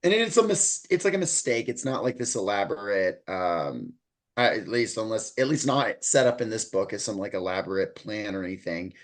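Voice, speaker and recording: A man with a lowish voice and big pitch swings speaks at a moderate pace as a podcast co-host. In a casual book-discussion chat, he talks through a book in a loose, rambling way, full of likes, ums, and other fillers.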